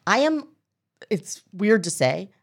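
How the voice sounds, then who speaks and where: A woman comedian as a podcast guest, telling a story in a lively way and acting out the people in it. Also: medium pitch, slow pace, breathy edge. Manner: animated storytelling, acts out quoted people. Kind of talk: casual podcast conversation.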